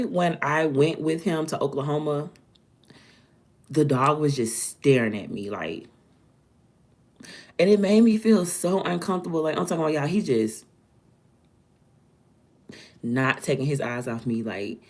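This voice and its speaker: A woman, telling a story to her viewers in an animated, dramatic way. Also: sits low, measured pace, long pauses. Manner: animated, dramatic retelling with acted-out quotes. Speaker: vlogger.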